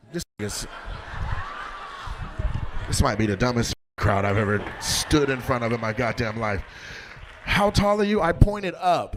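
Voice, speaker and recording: A man doing stand-up crowd work in a live comedy venue, teasing the audience in a brash, profane way with loud bursts. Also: fairly high pitch, background noise.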